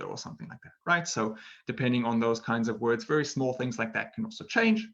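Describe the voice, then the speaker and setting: A man gives a relaxed online English lesson in an ordinary mid-pitched voice. He talks chattily and encouragingly, checking in with listeners again and again. The audio is a little dull and lo-fi. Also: fast, vocal fry, few pauses. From Britain. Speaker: English teacher.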